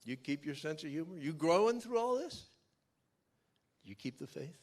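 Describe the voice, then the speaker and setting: An older man giving a keynote speech, telling a dramatic personal story in a folksy way that swings from loud to hushed. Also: on the high side, sing-song, moderate pace. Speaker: keynote speaker. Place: outdoor memorial event.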